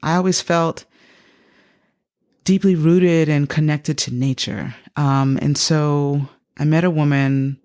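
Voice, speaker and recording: A woman in her fifties, a psychotherapist being interviewed, telling a personal story in a lively way and acting out the voices she quotes. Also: takes it slowly. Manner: animated, acts out quoted speech with big pitch jumps. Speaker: psychotherapist guest.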